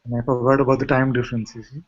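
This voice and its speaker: A man with an Indian accent speaks as a spiritual teacher, gentle and unhurried, often posing questions to his listeners. His pitch sits in the middle range. The recording is dull and lo-fi. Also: level tone. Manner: gentle, asks rhetorical questions. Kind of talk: satsang talk and video-call chat.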